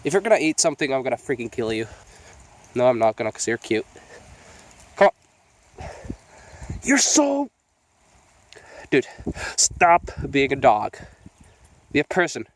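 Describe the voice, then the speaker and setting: A man's voice: mid-range voice, lively intonation, moderate pace, pauses often. A man vlogging outdoors by a lake in the rain, sniffly and getting sick, swearing freely as he scolds and coaxes his dog. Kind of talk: casual outdoor vlog talking to his dog. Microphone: phone.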